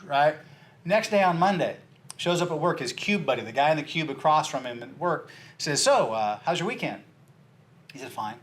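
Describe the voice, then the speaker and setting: A man leads a sales training session and tells a true story to make his point. He acts out every character's lines with big swings in his voice. His voice sits a little high for a man. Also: moderate pace. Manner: animated storyteller, acts out dialogue with big jumps in voice. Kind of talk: training talk with acted-out story.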